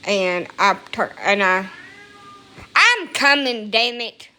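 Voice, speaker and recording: A woman talks into her phone at home in a loose, rambling monologue. She sounds emotional and swears freely. Her voice sits at an ordinary middle pitch. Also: sing-song, slow pace, sharp tone. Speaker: vlogger. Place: at home, indoors.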